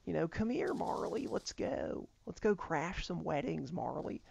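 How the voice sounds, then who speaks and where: A man doing a breathy, airy laid-back actor. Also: fairly high pitch, sing-song, a little slow, darkish tone, voice pushed up, heavily acted. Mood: coaxing. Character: laid-back American film actor man, high soft drawl. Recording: slightly muffled lo-fi mic.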